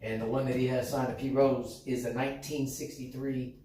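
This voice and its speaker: A man's voice: mid-range voice, moderate pace. Man telling a story in an echoey room. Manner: animated, acts out quoted dialogue. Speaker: sports card dealer and show host. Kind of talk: casual storytelling. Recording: very echoey room, distant mic, faint noise.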